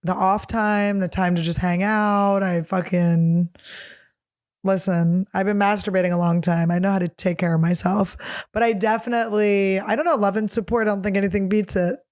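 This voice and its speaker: A woman's voice: medium pitch, steady tone, darkish tone. Profane, laughing woman comedian chatting. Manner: blunt, profane, jokey, quick to laugh. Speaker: comedian podcast host answering fan questions. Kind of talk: casual solo chat, reading questions aloud.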